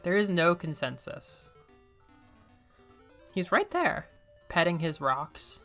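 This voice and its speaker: A woman talking through her gameplay in a chatty, excitable way, joking at her own expense as she goes. Her voice sits fairly low for a woman but swings widely, with a bright, forward tone. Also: takes it slowly, faint music behind. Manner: chatty, excitable, self-deprecating. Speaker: streamer. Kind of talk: casual gameplay commentary.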